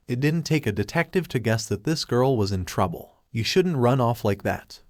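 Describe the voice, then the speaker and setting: A man narrates a fan fiction story in a steady, even reading voice. His pitch sits in a middle register. The voice is close and dry, with no room sound around it. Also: no echo.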